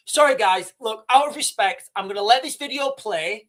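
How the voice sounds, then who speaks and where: A man hosting a livestream, giving impassioned, halting commentary with restarts and blunt swearing. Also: sits high, animated, fairly bright tone. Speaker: livestream host. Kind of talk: emotional live commentary.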